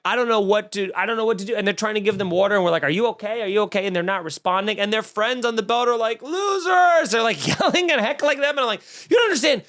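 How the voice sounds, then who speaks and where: A man hosting a comedy podcast, telling a wild story with profanity and acted-out quotes. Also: sits high. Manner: animated, profane, acts out voices in his story. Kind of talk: comic storytelling rant.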